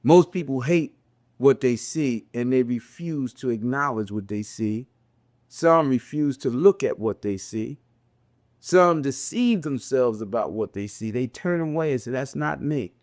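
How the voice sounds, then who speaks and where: An older man speaking with a long Southern drawl, his words drawn out and unhurried. He gives a religious reflection in a plain, conversational way, circling back over his own phrases. His voice sits at an ordinary middle pitch. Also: lively intonation, a little mellow. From American South, raised in a city. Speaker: religious teacher.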